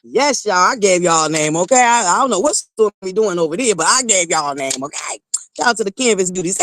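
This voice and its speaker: Animated woman hosting a morning livestream. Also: brisk. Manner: lively, shouts out viewers by name with high excited greetings. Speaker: host of a morning talk stream. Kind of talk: casual livestream chat with viewers.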